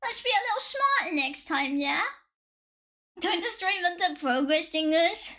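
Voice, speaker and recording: Woman, streamer, very high pitch, sharp bright tone, sarcastic, swears a lot, slightly worn voice. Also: expressive, unhurried. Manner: joking, sarcastic, swearing freely. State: voice slightly worn from past strain. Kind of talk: casual chat with live viewers.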